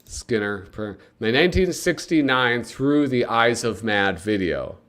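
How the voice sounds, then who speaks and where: A man's voice: medium pitch, lively intonation, a little slow, fairly bright tone. A man hosting a casual livestream, rambling and chatting with his viewers with plenty of fillers. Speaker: livestream host. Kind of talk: casual live commentary.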